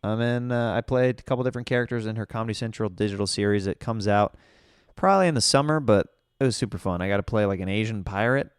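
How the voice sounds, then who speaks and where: A young man hosting his own podcast, chatting casually and excitably on his own and laughing often. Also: fairly low pitch, fast, smooth, dry recording, clean studio sound. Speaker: podcast host. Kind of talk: casual solo podcast chat.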